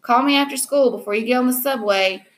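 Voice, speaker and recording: A woman's voice: medium pitch, expressive, normal speed, natural voice. A woman reading as a worried fussing mother. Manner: anxious, fussing.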